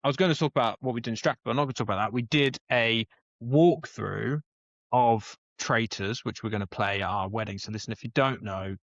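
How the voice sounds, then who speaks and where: A man's voice: medium pitch, brisk, fairly bright tone, dry recording, lo-fi sound. A man, chatting and joking as a podcast co-host. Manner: laughing, jokey banter. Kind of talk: casual chat.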